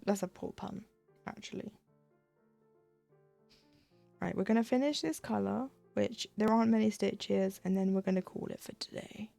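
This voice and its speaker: A woman's voice: medium pitch, fairly quick, vocal fry, warm tone, faint music behind. A woman streaming her cross-stitching, chatting casually and ranting, laughing often as she talks at her desk. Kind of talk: casual chat while stitching.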